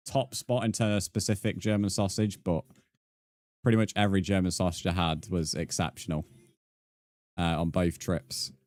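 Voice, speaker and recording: The recording is dry, capturing a young man's low-pitched, darkish voice as he plays a game on stream. He's chatty and laid-back, reading and responding to chat messages and laughing a lot.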